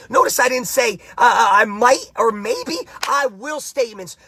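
A man giving a motivational podcast pep talk as a coach, emphatic and repetitive, with shouted bursts. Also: very high-pitched, slightly rough, dry recording.

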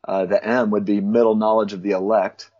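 A low, husky-voiced man talks through theological ideas with an easy, explanatory manner, now and then breaking into a light laugh. The audio is dull and lo-fi. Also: level tone, fairly quick, warm tone. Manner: thoughtful, explanatory, laughs between points. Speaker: guest, Christian philosopher. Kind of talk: casual theological interview.

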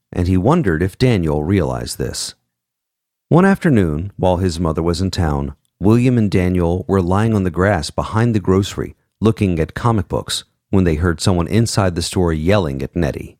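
A man narrates a story in a deep, low voice with a lot of movement in the pitch. He reads at a measured, expressive pace and voices each character in turn. The recording is dry and close. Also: no room sound. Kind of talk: audiobook narration.

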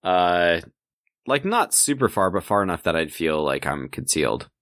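A man with a deep voice and an animated, wide-ranging delivery plays a tabletop game. He hesitates often and fills gaps with 'like'. The sound is dry and close. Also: normal speed, no echo. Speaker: player. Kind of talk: tabletop game role-play.

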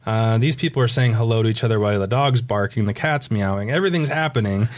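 A man presenting a children's book in conversation, describing its pages, laughing easily and guiding slow breathing. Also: fairly low pitch. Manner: relaxed, laughs often, guides breathing. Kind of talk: reading a picture book aloud in a conversation.

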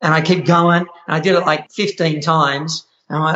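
Australian man, lively lo-fi storyteller. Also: fairly high pitch, normal speed, few pauses. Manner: animated storyteller, laughs often. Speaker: guest, chef running an online membership. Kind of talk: casual interview chat.

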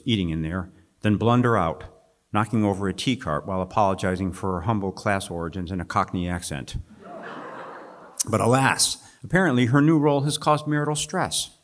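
Low-voiced male author, wry and chuckling, reads his fiction at a festival event. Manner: wry, chuckling, with halting restarts when talking freely. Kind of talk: reading fiction aloud at a live festival event, then discussing. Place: festival stage.

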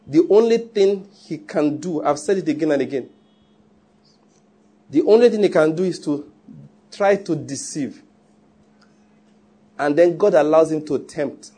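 A pastor preaches in a husky, slightly raised voice with a fairly high pitch, his tone staying mellow and dark as he drives his points home. He teases the congregation and repeats himself for emphasis.

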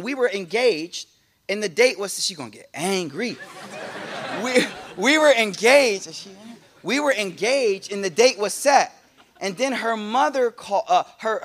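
A man, likely in his late twenties or thirties, giving a casual motivational talk to an audience, telling funny stories and acting out other people's voices. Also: high-pitched. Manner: animated storytelling with jokes and quoted voices.

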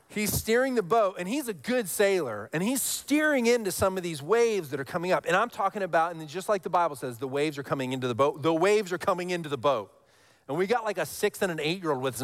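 A man in his thirties preaching a sermon, telling stories with animated highs and dropping to a hush for scripture lines. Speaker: pastor.

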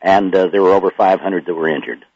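An older man with a very low voice talks as a radio guest, halting and filling gaps with hesitations. The sound is dry and a little muffled, like an older radio recording. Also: a little mellow, husky, dry recording. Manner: halting, many pauses and fillers. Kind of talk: radio interview.

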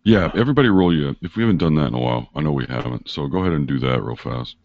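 A man with an extremely deep, gravelly voice runs a tabletop game over voice chat. He rambles through rulings with plenty of ums and restarts. The sound is dry and dull, like a lo-fi online call. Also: lively intonation, racing, no room sound. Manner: rambling, explains rules with many fillers. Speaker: game master.

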